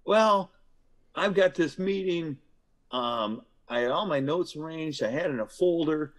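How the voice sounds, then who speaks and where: A man's voice: a little high, lively intonation, unhurried, voice pushed up. A man acting out an upset man who complains that his meeting notes are ruined. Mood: angry, aggrieved. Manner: exasperated complaining rant.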